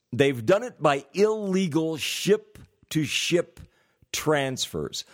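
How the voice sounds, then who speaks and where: A man delivering a political commentary monologue, deliberate and given to sarcastic asides. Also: on the high side. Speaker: commentary host.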